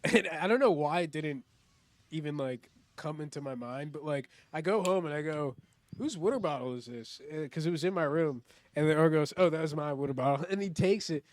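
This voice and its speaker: Young guy telling a wild story, high voice, laughs a ton, swears, dry close sound. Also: fairly quick, no room sound. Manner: laughs often, heavy swearing. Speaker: comedian guest. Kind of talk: casual storytelling chat. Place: studio.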